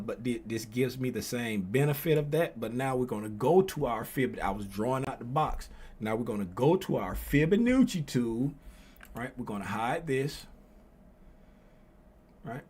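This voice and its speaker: Husky man with a lively pitch. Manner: asks himself questions, tags lines with "right?"; grows louder and more animated. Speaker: trading educator. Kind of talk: chart walkthrough lesson.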